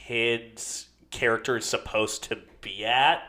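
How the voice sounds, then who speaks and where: A man's voice: medium pitch, steady tone, takes it slowly, bright, forceful tone. A man co-hosting a film podcast in casual chat, thoughtful and hedging with plenty of filler words.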